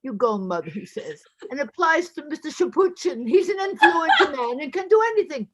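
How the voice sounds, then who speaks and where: A woman's voice: high voice, big pitch swings, a little fast, fairly bright tone. A woman voicing an elderly widow in a stage play reading, pleading in a whining, tearful way.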